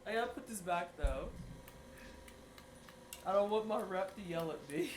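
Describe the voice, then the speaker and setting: A streamer bakes while livestreaming, chatting casually with her viewers in a giggly, teasing way and exclaiming and laughing often. Her medium-pitched voice is expressive, a little mellow, and moderately paced, with a little hiss or hum.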